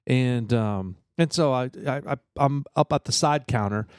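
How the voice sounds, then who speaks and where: A man's voice: mid-range voice, unhurried, a little mellow, clean tone, no room sound. A man co-hosting a casual podcast, spinning a rambling story, swearing freely and often restarting his sentences. His voice sits in an ordinary middle range, and it sounds close and dry, with no room around it. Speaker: podcast co-host.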